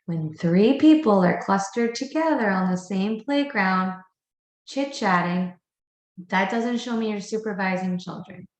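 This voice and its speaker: A woman's voice: mid-range voice, a little slow, roomy sound. A woman, a preschool director, giving firm instructions to her staff at a meeting, repeating her key points.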